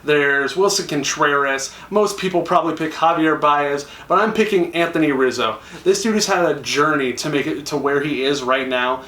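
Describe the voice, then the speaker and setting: A young man's slightly high, a bit bright voice comes from far off the mic in an echoey room as he casually and enthusiastically talks to camera. He's a YouTuber, and he acts out quoted lines as he goes.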